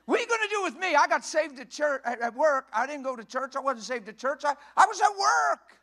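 High-voiced, fiery male preacher. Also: sing-song, fairly quick. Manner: emphatic and folksy, often rising to a shout. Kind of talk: sermon. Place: church.

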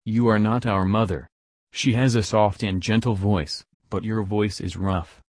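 A man's voice: on the low side, fairly even intonation, a little slow, darkish tone, no room sound, studio quality. A man voicing a group of frightened little goat kids who speak in a wary, defiant way in a storybook reading.

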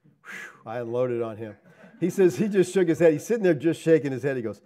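Animated preacher man with lively pitch. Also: a little fast. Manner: animated preaching with rhetorical questions to the congregation; swings between loud emphatic lines and low asides. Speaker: pastor. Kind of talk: sermon.

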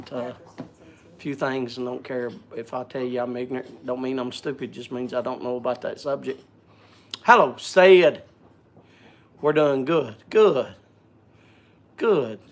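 A man's voice: medium pitch, a bit bright. A man hosting a casual live stream, joking and chatting, greeting viewers by name, often repeating and stumbling over words.

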